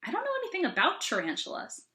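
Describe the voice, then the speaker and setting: A woman's voice: very high-pitched, huge pitch swings, quick pace, bright, forceful tone, pitched above the performer's own voice, full character voice. A woman reading a storybook aloud and voicing a sassy preteen girl in a plain, lightly sulky way, close to her own voice.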